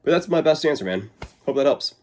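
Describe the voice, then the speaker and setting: A man's voice: mid-range voice, animated, a little fast. A man vlogging to camera, answering a viewer's question in an easygoing, casual way. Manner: laid-back, easygoing, calls the listener "man". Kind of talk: casual how-to chat to camera.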